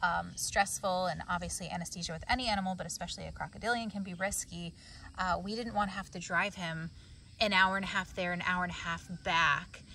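A woman's voice: on the low side, fairly even intonation, gravelly, pushed and bright, far from the mic, slight background noise. A woman co-hosting a sanctuary vlog outdoors, telling stories in a talkative, run-on way. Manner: talkative, quick run-on storytelling. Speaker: sanctuary co-host. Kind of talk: casual vlog chat.

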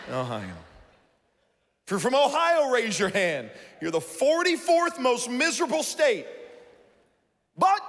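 Man, pastor, preaching, high voice, shouts for emphasis, long reverb in a large church hall. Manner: animated, shouting for emphasis, talks to the congregation. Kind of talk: sermon.

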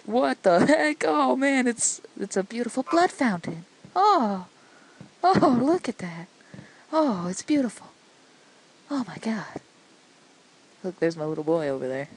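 Gravelly slow-talking woman doing let's play commentary, yells and laughs at the game a lot. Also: high voice, a little hiss or hum, low-quality recording. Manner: excitable, yelling and laughing at the game. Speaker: gameplay commentator. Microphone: desk microphone.

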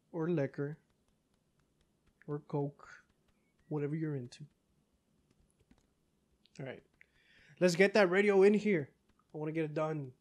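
Excitable young man cursing over gameplay. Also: high voice. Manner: excitable, curses, talks back to game characters, yells in bursts. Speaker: gaming YouTuber. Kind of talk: casual let's-play commentary.

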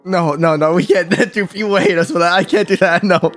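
A man's voice: high-pitched, fairly even intonation, a little fast, fairly bright tone, faint music behind. A young man hosting a gaming video, chatting casually with friends, giggling often and cracking crude jokes. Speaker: gaming channel host.

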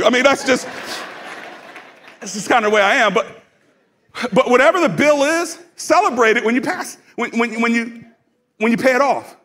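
A man's voice: extremely high pitch, animated, a little fast, pauses often, fairly bright tone. A male pastor preaching a sermon in a conversational, humorous way, drawing the congregation into call-and-response. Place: church sanctuary.

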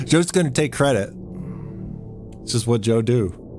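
A man's voice: mid-range voice, expressive, a little slow, music in the background. A man streaming a horror game, giving laid-back casual commentary and chuckling often.

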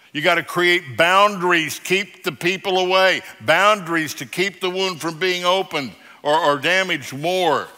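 Bright-voiced man preaching in a church hall. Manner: emphatic preaching, shifting between loud declarations and quiet, low passages. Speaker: pastor. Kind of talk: sermon. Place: church sanctuary.

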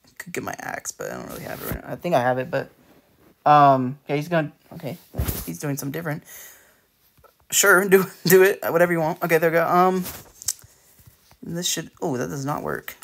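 A man's voice: a little high, big pitch swings, brisk, vocal fry, long pauses, fairly bright tone, a little hiss or hum. A man giving casual, rambling commentary while building in a game, full of hesitations and restarts. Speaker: let's play creator.

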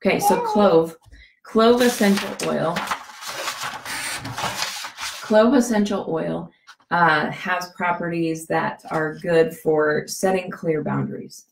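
A woman with a lowish, gravelly voice that is scratchy from a cough. She gives a casual how-to demonstration, chatty and rambling, full of fillers and restarts. The sound is echoey, as if from a bare room. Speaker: essential oil demonstrator.

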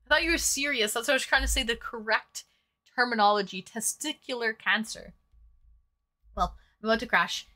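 A woman's voice: fairly high pitch, fairly quick, pushed and bright. A woman streaming herself painting, chatting casually, reading viewer comments aloud and cracking crude jokes. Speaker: livestreamer reading chat. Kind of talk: casual livestream chat while painting.

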